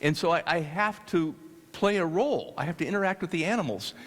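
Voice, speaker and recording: A man from the United States telling a story to an audience, animated and halting with restarts. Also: a little high. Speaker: speaker. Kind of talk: storytelling talk. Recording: long hall reverb.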